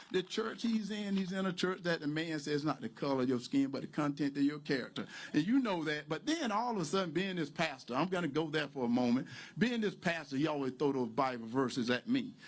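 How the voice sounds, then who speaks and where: A man giving a campaign rally speech outdoors, preacher-like, building to loud, emphatic lines. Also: a little high. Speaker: political candidate.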